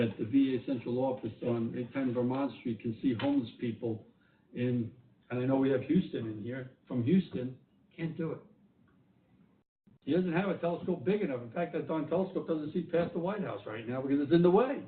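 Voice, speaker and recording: New York man on a tinny echoey line. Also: medium pitch. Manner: earnest, folksy, repeats phrases for emphasis. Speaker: government director giving keynote. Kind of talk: conference call keynote remarks. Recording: tinny phone line, echoey, far from mic, faint noise.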